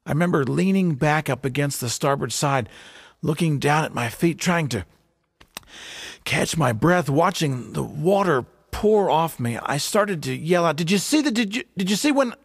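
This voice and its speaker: Guy playing a fisherman disciple telling his story, kinda gravelly, husky, stumbles over words in awe, dry close sound. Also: on the high side, no echo. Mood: earnest, wondering. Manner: halting, stammers with wonder. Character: fisherman disciple recalling his teacher, earnest. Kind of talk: dramatic first-person storytelling.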